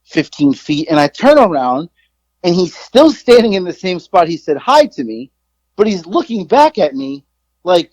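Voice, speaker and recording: A man's voice: a little high, sing-song, measured pace, darkish tone, dry recording, low-quality recording. A man in his forties, a podcast co-host, telling a rambling, profane, self-mocking story in casual chat.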